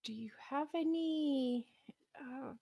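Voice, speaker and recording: A woman's voice: sits high, slow, gravelly, dark tone, voice pushed up, full character voice. A woman voicing a wary young male temple acolyte who questions strangers hesitantly.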